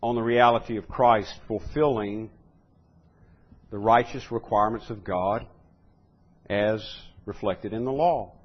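A man's voice: fairly low pitch, unhurried, long pauses, husky, highs cut off. A man teaching a Bible lesson, thinking aloud with fillers and restarts, then building to emphatic repeated phrases.

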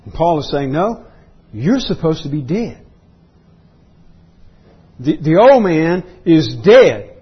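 A man preaching an expository sermon as pastor, emphatic, often clearing his throat and repeating words. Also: on the high side, very animated, slow pace, pauses often, lo-fi sound. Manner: emphatic preaching that rises into voiced outbursts.

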